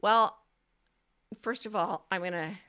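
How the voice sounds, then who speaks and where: A woman hosting a show, answering listener questions in an advice talk and slowing and softening her voice for serious points. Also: clear, resonant tone. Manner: gentle, deliberately slows and lowers her voice for serious points. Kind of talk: warm advice talk to an audience.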